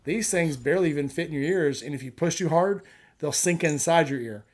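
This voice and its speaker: A man's voice: on the high side, brisk, darkish tone. A man on a live chat show, talking casually and bluntly, with firm opinions and a habit of telling jokes.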